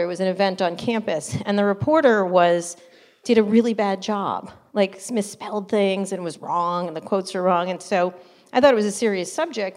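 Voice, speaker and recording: A middle-aged woman journalist being interviewed, telling stories bluntly and with animation, laughing often. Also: lowish voice. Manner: blunt, animated, quick to laugh, mimics others in anecdotes. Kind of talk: casual storytelling interview.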